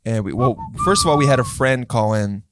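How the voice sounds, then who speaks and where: A man's voice: lowish voice, wildly swooping pitch, a little fast, fairly bright tone, dry recording, studio quality. A young man co-hosting a podcast, joking loosely and swearing often. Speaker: podcast co-host. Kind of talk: casual podcast chat.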